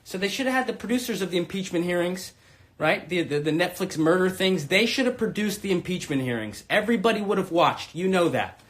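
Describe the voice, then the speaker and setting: A man in his thirties hosts a comedy live stream from his room, speaking in a high, bright voice. He is brash and crude, rambling between loud bursts and low mutters. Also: expressive, brisk. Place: home room.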